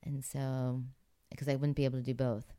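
Woman, middle-aged, chatty, laughs often, deep voice, resonant tone. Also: level tone, normal speed, warm tone, clean tone. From Pittsburgh, USA. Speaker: actress, interview guest. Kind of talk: relaxed interview storytelling.

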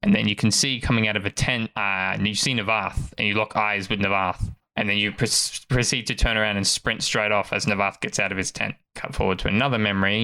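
A man narrating a tabletop game as its game master, in animated, rambling storytelling. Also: lowish voice. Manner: animated storytelling with many restarts.

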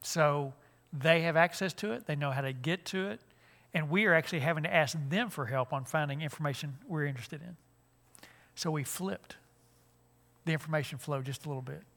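At a church conference, an older man delivers a lighthearted seminar full of folksy jokes, restarting himself often. His voice is fairly high and sharp in tone.

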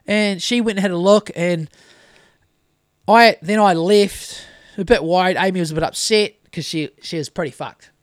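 High-voiced sweary New Zealand man. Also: moderate pace, dry recording, clean studio sound. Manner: swears a lot, rambling storytelling. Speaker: podcast host. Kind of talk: casual chat.

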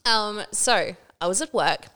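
Animated, swearing woman telling a story. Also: medium pitch, measured pace, smooth. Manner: animated storytelling, swears freely, acts out quotes. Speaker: podcast co-host. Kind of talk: casual podcast chat, storytelling.

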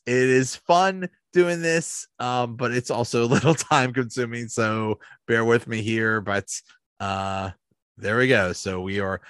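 A man talks casually to camera, retelling plots in a halting, rambling way with many restarts. His voice sits at a middling pitch. The sound is dry and close, with no room echo. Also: a bit bright. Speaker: video host ranking sitcom episodes. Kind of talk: casual vlog commentary.

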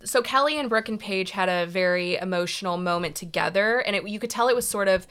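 A woman's voice: medium pitch, a little fast, a bit bright, slight background noise. A young woman co-hosting a casual podcast, chatting animatedly and retelling a show with lots of fillers. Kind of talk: casual chat about reality TV.

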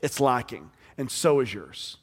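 A man preaching a sermon as pastor, talking in a conversational way that swings between loud and hushed. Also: medium pitch, very animated, unhurried, husky. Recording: long hall reverb.

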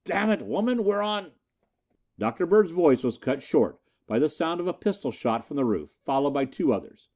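Brief: male storyteller for a pulp audiobook, warm and expressive. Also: medium pitch, brisk, few pauses. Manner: lively storytelling. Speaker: narrator. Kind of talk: audiobook reading of pulp fiction.

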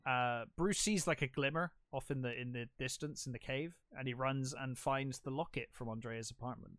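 A man's voice: mid-range voice, moderate pace, a bit bright, smooth, dry recording, clean studio sound. A young man co-hosting a casual film review podcast. He retells the plot with enthusiasm and lots of "um"s. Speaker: podcast co-host.

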